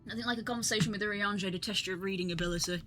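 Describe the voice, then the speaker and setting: A woman's voice: mid-range voice, racing, fairly bright tone, faint music behind. A woman streaming a game live, chatting casually and reading game dialogue aloud.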